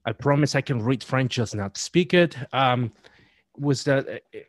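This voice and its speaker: A man appearing as a podcast guest, talking in a halting, scholarly way with frequent restarts. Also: medium pitch, dry recording. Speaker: guest, Catholic writer and presenter. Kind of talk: podcast discussion.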